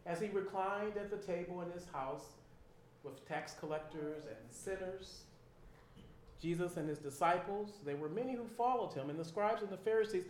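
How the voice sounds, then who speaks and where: A man preaching a sermon in an animated way, acting out people's reactions and repeating his key lines. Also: sits high, normal speed, slight background noise. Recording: echoey room.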